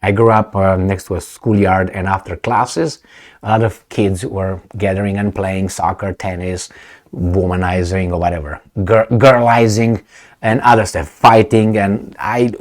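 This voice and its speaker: A man's voice: deep voice, steady tone, measured pace. A man from Romania, reading news reports aloud and breaking in with sarcastic, mocking asides. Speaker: political commentator.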